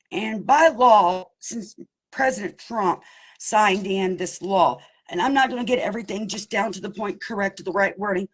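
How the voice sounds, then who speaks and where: A woman's voice: medium pitch, breathy edge, low-quality recording. A woman giving impassioned personal testimony as an abuse survivor, emphatic and pleading, calling her listeners y'all. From Pennsylvania.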